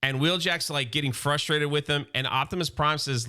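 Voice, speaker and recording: A man's voice: a little high, normal speed, few pauses, bright, forceful tone. A man recapping a comic in a casual, enthusiastic and chatty way. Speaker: comic book reviewer.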